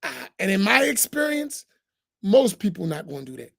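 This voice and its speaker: An imam talks informally to his congregation. He jokes and acts out little voices in a high, gravelly tone. The sound is dry and close. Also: normal speed, no echo. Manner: animated, humorous, acts out voices, preachy asides. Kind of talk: informal reflection talk to a congregation.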